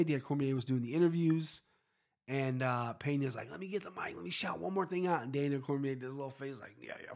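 A man's voice: on the high side, a little mellow. A man giving a casual solo recap of fight results, blunt and profane, rambling with frequent restarts. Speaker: MMA fight recap podcaster.

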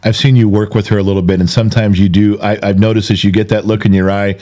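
A man's voice: on the low side, little pitch movement, quick pace, mellow. A man hosting a candid conversational interview, talking earnestly and emphatically, often repeating himself for weight. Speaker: podcast host.

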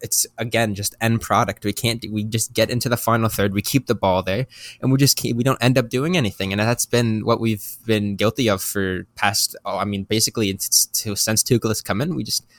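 Low-voiced rambling male podcast co-host. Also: steady tone, a little fast, no echo. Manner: rambling, repeats words with many uh fillers. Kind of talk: casual sports chat.

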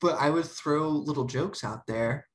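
Animated young woman telling a story. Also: low-pitched, a little slow, slight background noise, rough recording. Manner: animated, acts out family members' voices. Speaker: podcast co-host. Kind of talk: casual storytelling chat.

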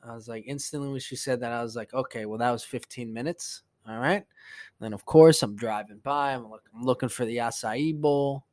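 A man's voice: medium pitch, fairly quick, no room sound. Profane, ranting male podcast host. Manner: profane, animated storytelling with ranting bursts. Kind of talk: casual solo podcast monologue.

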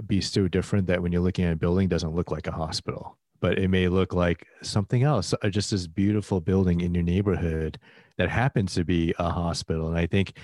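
A man's voice: sits low, darkish tone, no room sound, clean studio sound. A man hosting an interview, asking questions in a casual, enthusiastic way with many fillers. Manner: enthusiastic, casual, uses "like" often. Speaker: podcast host. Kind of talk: conversational interview.

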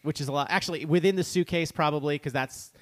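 A man's voice: on the high side, steady tone, fast talker. A man co-hosting a podcast in casual chat, playful and teasing as he reads out listener emails. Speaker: podcast co-host.

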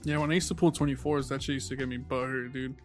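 A man's voice: medium pitch, fairly even intonation, fast talker, faint music behind. A young man co-hosting a casual podcast, tired from little sleep, teasing his friends and swearing as he rambles through stories. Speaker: podcast co-host. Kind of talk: casual chat.

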